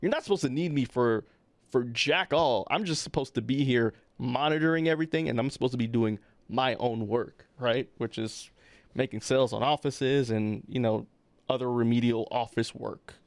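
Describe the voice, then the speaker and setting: A man's voice: mid-range voice, normal speed, no echo. A man co-hosting a podcast, telling an anecdote in casual chat and acting out the people in it. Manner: acts out the people in his stories. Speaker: podcast co-host.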